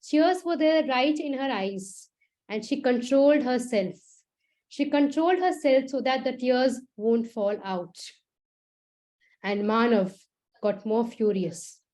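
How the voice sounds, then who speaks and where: A woman storyteller narrating an original story with expressive, dramatic pacing and emphatic repetition. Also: high voice, measured pace.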